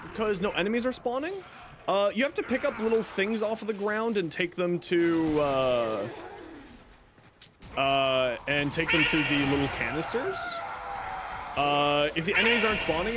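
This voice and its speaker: A young man streaming a video game, chatting casually with his viewers while he plays. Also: sits high. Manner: chatty, answers chat while playing. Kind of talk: casual gaming livestream chat. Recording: game audio and background noise.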